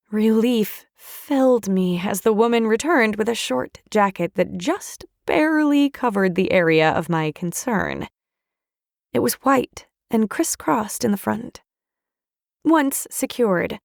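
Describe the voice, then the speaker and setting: A woman narrating an audiobook in the first person, gently and at a slow pace. Her fairly high voice carries a lot of vocal fry, and it is recorded close on a dry studio microphone. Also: no room sound.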